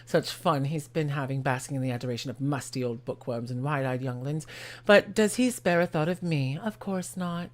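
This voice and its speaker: A woman's voice: a bass voice, moderate pace, voice pushed down. A woman voicing a teasing, regal fairy, reading game dialogue aloud in a theatrical, archaic manner. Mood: sulking.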